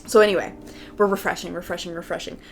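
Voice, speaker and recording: A young woman chatting excitedly at home as she unboxes collectible figures, with lots of "like" in her talk. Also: fairly low pitch, fast, soft background music. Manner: excitable and chatty, heavy use of "like". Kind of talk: casual unboxing chat. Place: home room with a PC.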